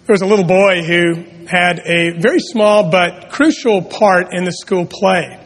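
Male pastor, high voice, slightly husky, earnest sermon delivery, church reverb. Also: fairly even intonation. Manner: earnest, with dramatic pauses and emphatic rises. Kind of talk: sermon with prayer and storytelling. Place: church sanctuary. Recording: long reverb of a church hall.

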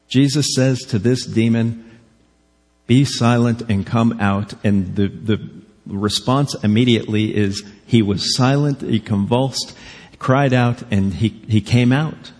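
A man's voice: mid-range voice, darkish tone, slightly rough. A male pastor delivering a sermon in an earnest, conversational way, often posing rhetorical questions to the congregation. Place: church sanctuary. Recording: long reverb of a large hall.

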